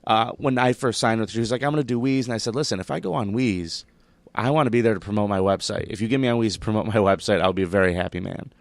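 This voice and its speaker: A man telling a story as a comedian guest on a casual podcast, animated and swearing, acting out the quotes as he goes. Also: lowish voice, fast, no echo.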